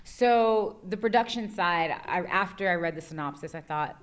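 An actress answering interview questions in a chatty, rambling way with many fillers. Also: female voice, low-pitched, steady tone, moderate pace, hardly any pauses.

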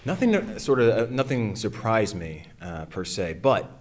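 An actor answering interview questions in a relaxed, halting way. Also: male voice, fairly low pitch.

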